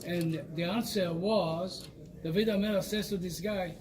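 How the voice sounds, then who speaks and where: Student guy answering in class, high voice, far from the mic, noisy. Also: steady tone, a little slow. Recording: far from mic with background noise.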